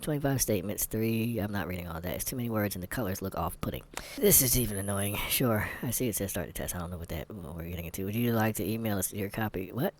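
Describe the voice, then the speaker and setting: A man's voice: lowish voice, fast talker, a little hiss or hum. A man vlogging candid commentary while taking a test, rambling, sarcastic and muttering asides to himself.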